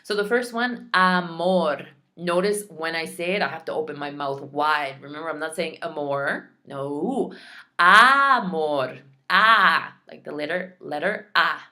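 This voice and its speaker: Female teacher, low and bright-toned, drills words slowly with chatty asides. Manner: clear, drawn-out pronunciation drills; chatty and self-teasing. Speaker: Spanish teacher. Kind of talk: recorded class lesson.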